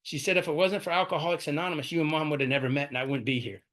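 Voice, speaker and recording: Middle-aged guy spilling his story quick, bright forceful voice, keeps going "right?". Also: fairly high pitch, steady tone. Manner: storytelling, candid, frequent "right?" asides. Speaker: speaker sharing recovery story. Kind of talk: recorded twelve-step share.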